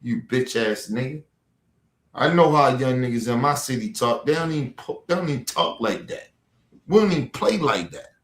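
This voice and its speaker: A man's voice: medium pitch, expressive, normal speed. Aggressive man in an echoey room. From Baltimore. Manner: aggressive, profane, challenging. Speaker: streamer. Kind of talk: livestream rant.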